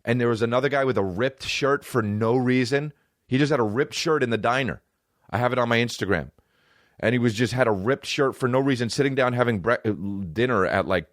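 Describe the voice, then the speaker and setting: A man's voice: fairly low pitch, no room sound, clean studio sound. A man hosting a podcast, delivering a heated, profane rant with emphatic repetition. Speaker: podcast host and comedian. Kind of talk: profane ranting monologue.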